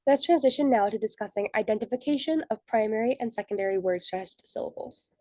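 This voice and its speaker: A young woman walks through a class presentation point by point, reading from prepared notes. Her voice is mellow and warm rather than bright. The recording is dry, with no room sound. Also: a little high, fast, no echo. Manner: methodical, reads from prepared notes. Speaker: student presenter. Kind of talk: scripted slide presentation.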